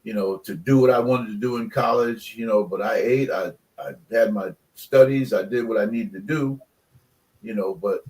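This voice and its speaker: A man's voice: lowish voice, moderate pace, a little mellow, recorded from a distance. An older man, a former college football player, talking as a radio guest in a rambling, emphatic way with many fillers. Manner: emphatic, passionate about commitment. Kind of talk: casual radio chat.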